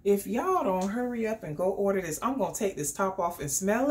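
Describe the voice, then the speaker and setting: Chatty, excitable woman unboxing at home. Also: mid-range voice, normal speed, hardly any pauses. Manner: chatty and excitable, talks straight to viewers. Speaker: beauty vlogger. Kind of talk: casual unboxing vlog. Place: home indoors.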